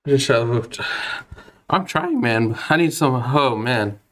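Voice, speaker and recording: A young man in his twenties chats on his game stream at an average pitch for a man. He talks in a nervous, self-deprecating way, stammering through restarts and laughing often. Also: animated, takes it slowly, fairly bright tone. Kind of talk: casual live-stream chat.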